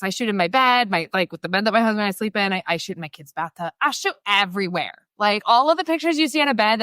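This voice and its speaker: A woman in her thirties telling stories as a photographer guest, chatty and animated, laughing often and acting out what people said. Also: mid-range voice, dry recording. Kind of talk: casual storytelling interview.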